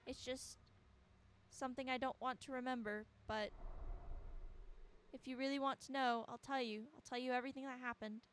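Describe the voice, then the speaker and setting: A woman's voice: high-pitched, fairly even intonation, normal speed, pauses often, a bit bright, slight background noise. A woman voicing a mournful ghost girl. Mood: somber. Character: sorrowful ghost girl, a murdered child's spirit.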